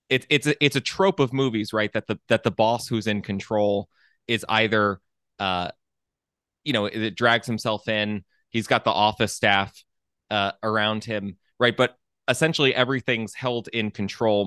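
A man with a low voice hosts a film discussion, speaking in a measured, thoughtful way. His voice is recorded dry and close. He weighs his points as he talks. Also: a bit bright, smooth, dry recording. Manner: thoughtful, measured, with fillers and restarts. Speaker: co-host of a film podcast. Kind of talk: casual conversation.

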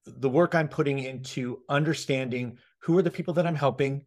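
A man hosting a casual podcast conversation, excitable, swearing freely, often restarting his sentences and laughing. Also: medium pitch, brisk. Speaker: podcast host.

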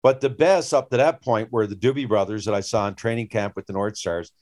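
A man's voice: on the low side, a little fast, no echo. Rambling older man. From Newfoundland, Canada. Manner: rambling storyteller, animated when retelling anecdotes. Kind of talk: casual chat.

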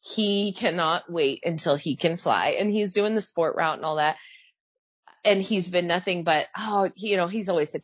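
Animated woman podcaster, lively and laughing. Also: fairly low pitch, normal speed, no room sound. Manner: animated, laughing, mimics others in quoted voices. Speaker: podcast co-host, pilot. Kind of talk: casual podcast chat. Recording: dry, slightly dull podcast mic.

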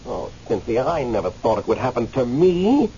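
A man's voice: medium pitch, sing-song, normal speed, mellow. A newly dead, angry man. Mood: earnest, agitated. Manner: hesitant, stammering, then impassioned. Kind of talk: radio drama acting. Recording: muffled radio recording, faint hiss.

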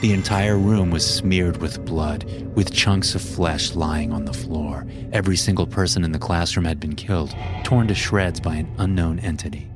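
A man narrating a scripted horror story in a measured, grim way. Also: deep voice. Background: background music.

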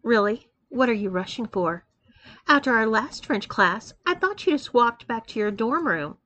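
A domineering young college woman, read by a woman narrator, commanding and taunting in a confident, slightly high voice. She bosses and teases in an audiobook-style story reading. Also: expressive, moderate pace, sharp tone.

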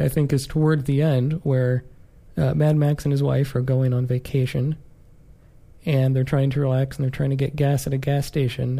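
A man with a mellow, relaxed tone discusses a movie in a casual chat. His delivery is dry, and he slips wry jokes in along the way. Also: mid-range voice, creaky. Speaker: podcast co-host. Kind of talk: casual film-review chat.

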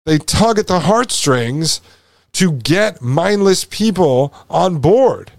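A man with a fairly high voice hosts a podcast, talking over a video in an emphatic, insistent way. He repeats his points and drops in sarcastic remarks. The sound is dry and close, with no room echo. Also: animated, takes it slowly, gravelly. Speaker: podcast host. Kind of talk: commentary over a played video.

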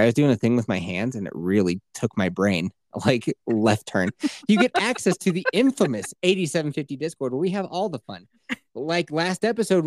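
A man's voice: medium pitch, a little mellow, no echo, studio quality. A man hosting a podcast, joking in a boisterous, crude, casual way. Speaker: podcast host. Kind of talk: casual comedic chat.

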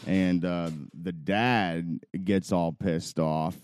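A man's voice: low voice, fairly even intonation, drawn-out words, darkish tone, clean tone. A young man co-hosting a podcast, telling a rambling, profane story with bursts of laughter. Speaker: podcast co-host. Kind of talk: casual storytelling chat.

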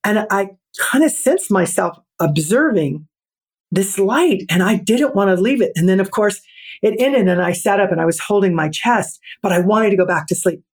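A middle-aged woman, a podcast guest, telling a personal story in an earnest, reflective way and slowing down for emphasis. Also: medium pitch, lively intonation, a little mellow, husky. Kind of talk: storytelling in an interview.

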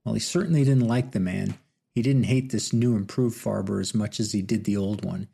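A man narrating an audiobook novel with steady, measured storytelling. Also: fairly low pitch, vocal fry, husky. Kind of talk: scripted narration.

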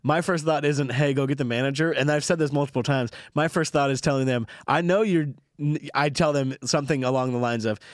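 A man telling a story in casual podcast chat, animated, acting out what people said. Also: medium pitch, no room sound, clean studio sound. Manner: fast, animated storytelling with acted-out quotes.

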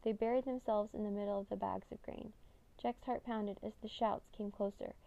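A woman reads an audiobook in a calm, steady manner, her voice gravelly with a touch of fry. Her tone is mellow and darkish, and the recording sounds dull and lo-fi. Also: mid-range voice, normal speed. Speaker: narrator. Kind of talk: audiobook narration.

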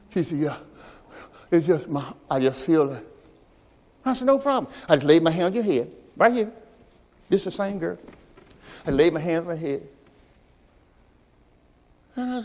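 A man's voice: a little high, big pitch swings, moderate pace, pauses often. Pastor guy preaching a sermon, calls out to the crowd, tells stories, faint music and a big hall echo. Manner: preaching with call-and-response, rising to shouts; storytelling with acted quotes and sound effects. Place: church sanctuary. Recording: church service recording with long hall reverb and faint music.

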